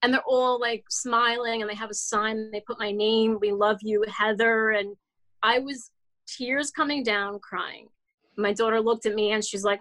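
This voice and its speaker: A woman's voice: on the high side, steady tone, normal speed, fairly bright tone. A woman in her thirties telling her story as a guest in an interview, rambling with many restarts, heartfelt and casual. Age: 30s. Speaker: guest author.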